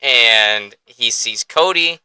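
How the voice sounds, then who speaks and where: Podcast host, male: excitable, swears freely and laughs a lot, with a very bright voice and a dry, close sound. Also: medium pitch, takes it slowly, smooth, no echo, rough recording. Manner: excitable, profane, laughs often. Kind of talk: casual podcast chat.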